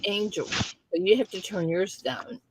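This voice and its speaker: A woman's voice: medium pitch, moderate pace, slight background noise. An older woman hosting a casual livestream chat, chatty and laughing as she fusses with her settings. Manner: chatty, laughing, fussing with tech. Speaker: livestream host.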